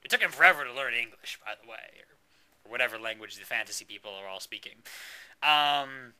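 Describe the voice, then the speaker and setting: Bright-voiced rambling young man. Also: mid-range voice, fairly quick. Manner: rambling, self-interrupting, argues with himself. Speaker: storyteller. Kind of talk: improvised comic storytelling.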